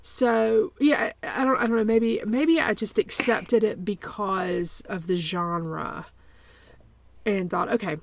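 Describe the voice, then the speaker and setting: Hesitant woman with a gravelly voice. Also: mid-range voice, steady tone, takes it slowly, a little hiss or hum. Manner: hesitant, many restarts and repeated words. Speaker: podcast co-host. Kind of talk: casual chat.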